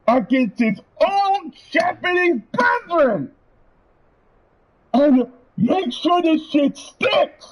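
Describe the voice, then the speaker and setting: High-voiced guy ranting on a stream, swearing a lot, muffled lo-fi audio. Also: sing-song, extremely slow. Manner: heated, profane, ranting. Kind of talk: angry rant.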